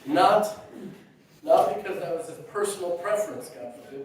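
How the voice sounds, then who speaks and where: Guy giving a eulogy for his dad, halting and emotional, kinda high voice, far off and super echoey. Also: crowd noise. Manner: halting and emotional, warm humor. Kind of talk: heartfelt funeral eulogy. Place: funeral gathering.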